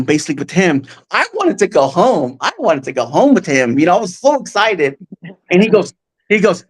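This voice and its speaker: A man's voice: high-pitched, sing-song, breathy edge. A man telling a personal story as a guest, earnest and emotional, with many restarts and fillers, close to the mic. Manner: halting, full of restarts and fillers. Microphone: close podcast mic.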